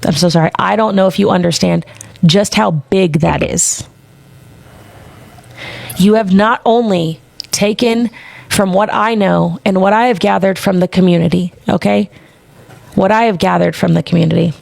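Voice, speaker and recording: A woman's voice: medium pitch, creaky, darkish tone, no room sound. A woman hosting a live stream, giving an impassioned speech full of emphatic swearing.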